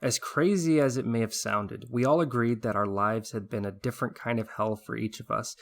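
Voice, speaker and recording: A man narrating a first-person audiobook in a steady, measured read. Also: mid-range voice, vocal fry.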